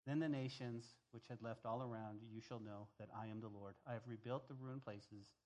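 A male pastor giving a sermon, talking to the congregation in a lively, conversational way and reading scripture softly at the close. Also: medium pitch, moderate pace. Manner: animated, conversational preaching with asides to the congregation.

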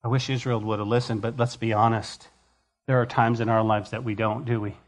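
A man preaching a sermon to a church, swinging between loud emphatic lines and quiet, intimate ones. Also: medium pitch, level tone, brisk. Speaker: pastor.

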